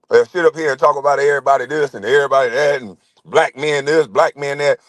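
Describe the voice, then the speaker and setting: A man's voice: medium pitch, fairly even intonation, fast, hardly any pauses, no echo. A middle-aged man hosting his own channel, ranting to camera in a confrontational, constantly swearing monologue. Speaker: channel host.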